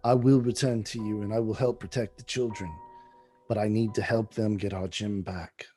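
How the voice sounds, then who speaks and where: A man's voice: on the low side, steady tone, moderate pace, warm tone, natural voice. A man doing a determined young archer woman who speaks firmly and earnestly. The voice stays close to his own, with faint music in the background. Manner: firm, resolute.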